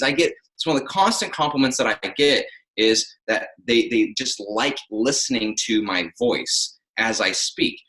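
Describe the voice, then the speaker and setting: A man speaking in an interview with a bright, forward tone, breaking into acted-out sample lines to make his points. The sound carries a noticeable room echo. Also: medium pitch, moderate pace. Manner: explains with acted-out example phrasings. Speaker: audiobook narrator and coach. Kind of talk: podcast interview.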